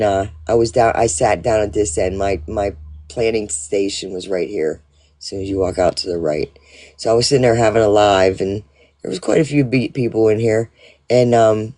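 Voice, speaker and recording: A man's voice: lowish voice, a little mellow. A man telling a rambling, profane story to his livestream audience in a casual way, full of fillers and restarts. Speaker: livestream host.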